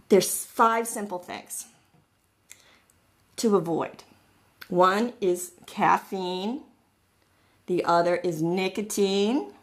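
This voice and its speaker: A woman's voice: fairly low pitch, a bit bright. Middle-aged woman teaching a wellness class, chatty, explains with everyday analogies, does little voices. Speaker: wellness educator.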